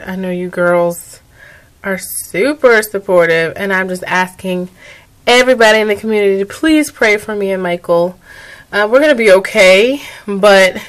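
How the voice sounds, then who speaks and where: A young adult woman talking through her video diary, weary and emotional, rambling. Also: mid-range voice. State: tired. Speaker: vlogger.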